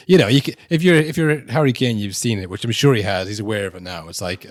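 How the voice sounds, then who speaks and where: A man co-hosting a football podcast in casual chat, swearing freely and acting out quotes in loud mocking voices. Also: fairly low pitch, lively intonation, fast, dry recording, studio quality. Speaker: podcast co-host. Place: podcast studio.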